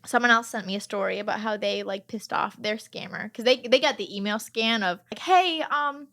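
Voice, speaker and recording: A woman's voice: mid-range voice, fairly even intonation, brisk, bright, forceful tone. A woman hosting a podcast in casual chat, bubbly and rambling, with many "like"s. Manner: bubbly, rambling, heavy use of "like". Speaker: podcast host.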